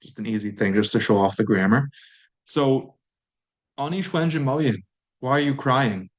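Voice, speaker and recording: The recording features a man with a fairly low voice giving a language lesson. He covers grammar in a calm, unhurried way, slowly repeating words for the people studying.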